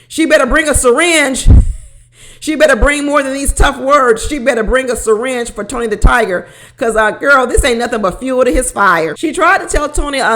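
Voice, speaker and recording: A woman giving casual reality TV recap commentary, animated and gossipy, laughing between lines and repeating herself for emphasis. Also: sits high, normal speed. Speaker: reality show recap vlogger.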